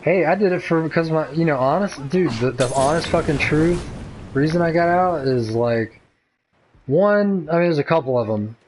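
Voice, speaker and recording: A man's voice: a little high, moderate pace, a little mellow, slight background noise, poor audio. A young man chatting casually while gaming, laid-back, rambling and profane.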